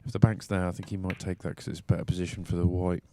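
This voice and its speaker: A man's voice: low-pitched, flat delivery, racing, mellow, a little hiss or hum. A man giving casual, jokey co-commentary on a pool match, bantering and laughing often.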